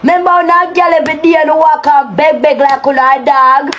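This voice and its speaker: Jamaican woman going off on a live, high voice, cussing and taunting. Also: little pitch movement, normal speed, fairly bright tone, slight background noise. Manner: heated, taunting, cursing. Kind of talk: angry live-stream rant.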